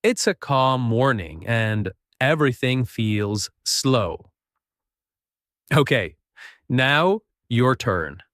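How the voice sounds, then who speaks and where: A man teaching a beginner English lesson, speaking slowly and patiently and modeling sentences for listeners to repeat. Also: medium pitch, lively intonation, fairly bright tone, no room sound, clean studio sound. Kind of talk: slow, clear spoken English lesson.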